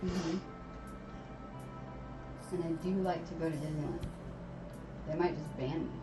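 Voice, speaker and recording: A woman's voice: deep voice, steady tone, a little slow, over loud music. A woman chatting casually and playfully on her husband's stream. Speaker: co-host, streamer's wife. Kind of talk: casual chat.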